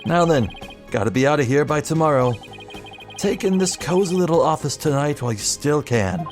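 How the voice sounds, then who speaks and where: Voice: mid-range voice, lively intonation, moderate pace, faint music behind, natural voice. A voice actor doing a smug, sneering bully of a man. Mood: gloating. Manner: taunting, mocking drawl. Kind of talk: amateur video game voice-over.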